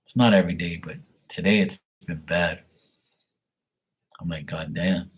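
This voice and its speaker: A man with a husky, fairly low voice hosts a late-night livestream. He rambles in a chatty, teasing way and talks to his viewers by name. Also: steady tone, normal speed. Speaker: livestream host reading paid questions.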